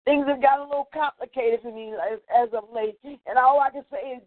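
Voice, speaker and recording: A woman's voice: sits high, a little fast, hardly any pauses, dry recording. Woman preaching over a tinny phone line. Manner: repetitive, fervent preaching with chanted calls. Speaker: minister. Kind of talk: sermon. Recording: dry phone-line sound.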